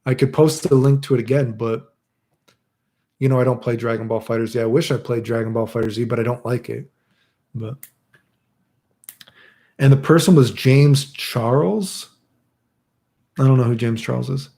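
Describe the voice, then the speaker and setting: A man's voice: mid-range voice, moderate pace, creaky, long pauses, mellow. A young man chatting casually as a streamer answering chat, crude and rambling, swearing a lot.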